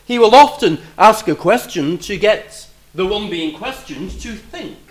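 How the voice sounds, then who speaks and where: A man preaching a sermon, animated, moving between loud emphatic lines and quiet, reflective asides. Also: sits high, measured pace, echoey room, low-quality recording.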